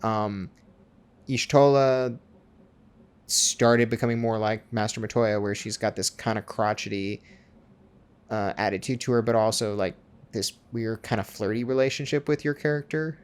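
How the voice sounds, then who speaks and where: A man's voice: lowish voice, moderate pace, clean tone. Joking, profane podcast co-host man. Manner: joking, profane, animated storyteller. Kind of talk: casual podcast chat.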